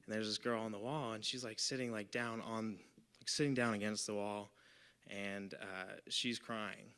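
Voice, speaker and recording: A young man in his twenties tells a personal story on a live storytelling stage. His voice is bright and tense, crisp and clean, loose and chatty, with constant "like" and "you know" fillers. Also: fairly low pitch, steady tone, normal speed. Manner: casual, filler-heavy, lots of "like" and "you know". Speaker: volunteer storyteller.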